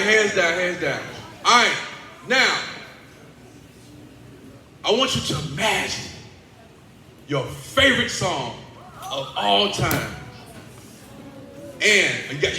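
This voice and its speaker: A man with a high, bright voice works a children's assembly in a large school hall. He is playful and animated and keeps coaxing the kids into call-and-response. The sound bounces around an echoey room with a faint hum underneath. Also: slow pace, pauses often. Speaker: motivational speaker and teaching artist.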